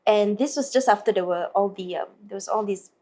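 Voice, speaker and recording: A female singer from Malaysia tells interview stories briskly in a mid-range voice. Her storytelling is lively, full of other people's lines done in put-on voices.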